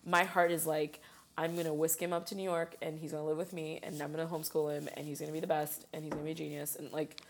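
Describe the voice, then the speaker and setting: This Chicago woman talks fast in a low-pitched voice during a casual chat, spinning animated stories with frequent laughs and plenty of fillers.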